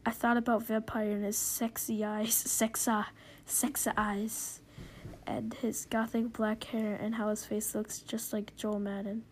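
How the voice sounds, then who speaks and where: A woman's voice: a little high, level tone, measured pace, a little mellow, a little hiss or hum. Giggly young woman reading dramatically. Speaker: reader. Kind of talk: mock-dramatic reading of fan fiction.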